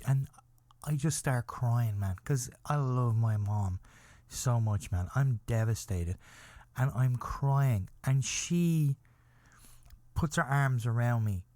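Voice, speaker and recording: This podcast host's voice is mid-range and a little mellow, recorded with no echo. He rambles through a comedic story, restarting repetitively, building up slowly, and checking in with his listener again and again with "okay?"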